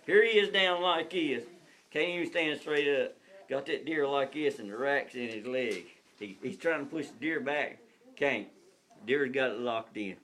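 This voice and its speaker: A man's voice: mid-range voice, moderate pace. A man telling a hunting story to family, laughing as he goes. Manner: laughing, animated, colloquial storytelling.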